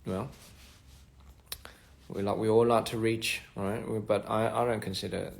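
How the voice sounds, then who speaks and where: Soft-spoken man with a gravelly low voice. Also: flat delivery, unhurried. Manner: rambling, trails off, soft-spoken asides. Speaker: livestream host reading fan comments. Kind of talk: casual livestream chat. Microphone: phone.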